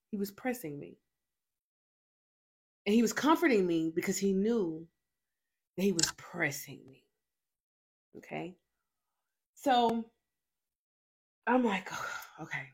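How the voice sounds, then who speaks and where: A young adult woman hosting a faith show, telling a personal testimony in an emphatic storytelling way, full of repeated fillers and restarts. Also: fairly low pitch. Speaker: faith podcast host.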